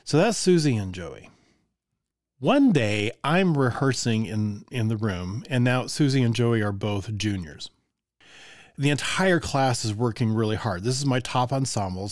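An older man, a music teacher, telling stories from his classroom in a relaxed, conversational way with frequent chuckles and asides to the listener. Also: on the low side, no room sound, clean studio sound. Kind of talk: casual storytelling.

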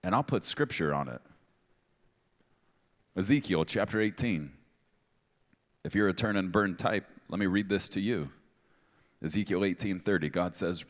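A man's voice: sits low, normal speed, pauses often. A man preaching a sermon as pastor, conversational and emphatic, with playful asides. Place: large church auditorium. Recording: long hall reverb.

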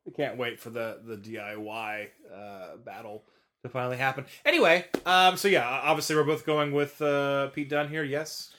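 A young man co-hosting a podcast, teasing his partner in quick-witted casual banter. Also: mid-range voice, sharp tone. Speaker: podcast co-host.

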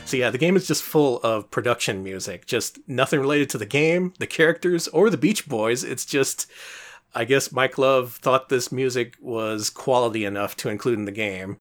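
A man's voice: medium pitch, moderate pace, faint music behind. A man co-hosting a casual podcast about retro games, explaining things in a wry, chatty way and laughing often. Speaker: podcast co-host.

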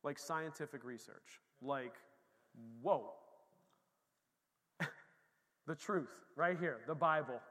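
A man preaching a sermon in a lively, conversational way, moving between quiet asides and emphatic points. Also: a little high, takes it slowly, long pauses. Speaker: pastor. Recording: long hall reverb.

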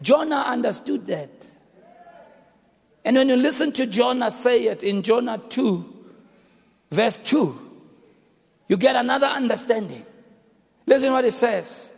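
Shouting, sing-song man preaching. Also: very high voice, lively intonation, a little slow, gravelly, pauses often. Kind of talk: sermon. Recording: echoey hall with music behind.

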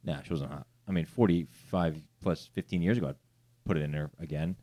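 A young man, a comedian who has been drinking whiskey, telling crude stories loudly in casual podcast banter. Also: rumbling low, fairly quick. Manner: loud, crude storytelling with lots of swearing.

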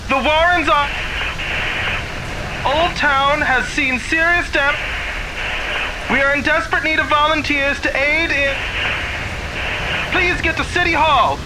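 A game master voicing a calm, reassuring town radio announcer giving emergency notices. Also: sits high, normal speed, very noisy, voice pushed up. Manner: soothing, reassuring.

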